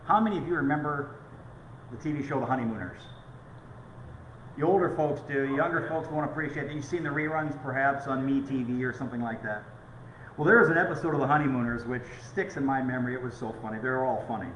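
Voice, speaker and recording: A middle-aged pastor preaching a conversational sermon with stories. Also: male voice, medium pitch, fast, fairly bright tone, dull audio, slight background noise. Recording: echoey room.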